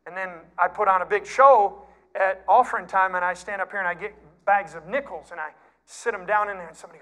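A man who pastors a church, preaching a sermon in a folksy, animated storytelling way. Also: high voice, fast.

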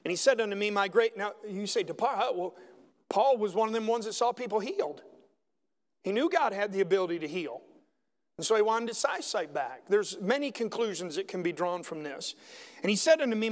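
A male pastor delivers a sermon in a high, light voice. He preaches with mounting emphasis, and the sound carries the long reverb of a large hall. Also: animated, a little fast.

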